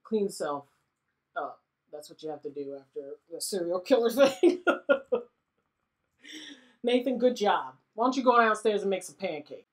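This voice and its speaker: Giggly woman narrating her life-sim game. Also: mid-range voice. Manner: giggly, animated, voices characters in quick asides. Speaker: gaming YouTuber. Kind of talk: casual let's-play commentary.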